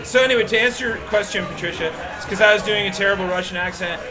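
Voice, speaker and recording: A high-pitched man chats excitedly as host of a live stream in an arcade. He jokes and rambles in a casual way. Clear music plays behind him. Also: rapid-fire.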